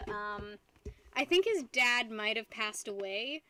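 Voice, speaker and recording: A woman's voice: a little high, animated, unhurried, sharp tone, a little hiss or hum. A young woman streaming casually, tipsy from wine, rambling and giggling while talking to her dog. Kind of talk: casual live-stream chat.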